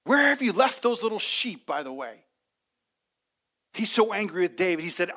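A man preaching a sermon in a church, energetic and emphatic, calling out to his congregation. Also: sits high, a little fast. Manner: energetic, emphatic, call-and-response. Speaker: pastor.

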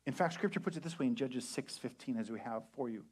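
Animated man preaching a sermon. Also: medium pitch, fast talker, husky. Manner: animated, acts out voices and quotes. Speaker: pastor.

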